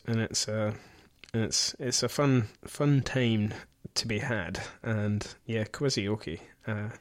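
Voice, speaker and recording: A man's voice: mid-range voice, fairly even intonation, measured pace, hardly any pauses. A man hosting a radio show, chatting casually and rambling with many fillers. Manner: rambling, lots of ums and uhs. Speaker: radio host.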